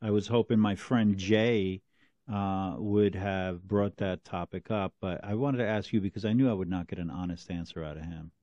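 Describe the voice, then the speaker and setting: A man's voice: sits low, steady tone, moderate pace, mellow, dry recording, dull audio. A man co-hosting a podcast in casual chat, joking and stammering as he starts his sentences. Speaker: podcast co-host.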